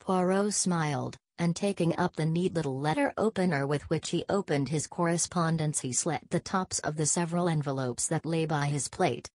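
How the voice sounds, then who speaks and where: Low voiced lady reading a novel aloud, steady, very dry room. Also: normal speed, hardly any pauses, dry recording. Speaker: audiobook reader. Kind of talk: scripted narration.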